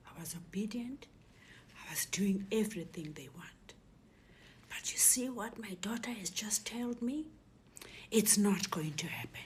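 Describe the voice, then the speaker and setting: A woman giving a personal testimony, telling her story in a hushed, breathy half-whisper and quoting what others said. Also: mid-range voice, a little hiss or hum. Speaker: speaker recounting a personal ordeal.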